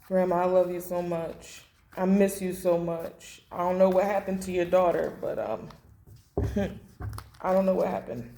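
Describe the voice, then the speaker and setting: Angry tarot reader, echoey room. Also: female voice, lowish voice, measured pace, dark tone. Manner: blunt, emotional, repeats phrases, swears. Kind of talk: angry tarot reading to camera.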